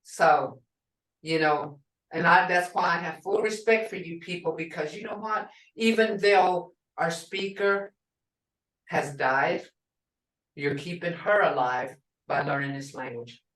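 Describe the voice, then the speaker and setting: A middle-aged woman teaches a language class at a deliberate, unhurried pace, saying each word and then repeating it for her students. Her voice sits in a middle range. The mic is a little distant and picks up a roomy echo. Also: fairly low pitch, fairly bright tone. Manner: repeats words slowly for learners.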